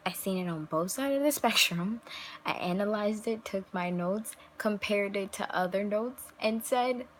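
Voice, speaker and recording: Relationship advice comes emphatically from a young woman vlogging casually to camera, full of rhetorical questions and quoted voices she acts out. Her voice is mid-range and her pace measured. The recording is rough, with slight background noise.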